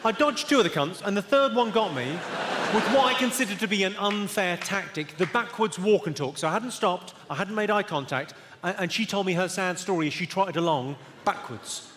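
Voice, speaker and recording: A man doing stand-up comedy, deadpan and brisk, teasing people in the audience from a theatre stage. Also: sits high, slight background noise. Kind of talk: stand-up comedy with crowd work. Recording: echoey theatre hall, loud audience.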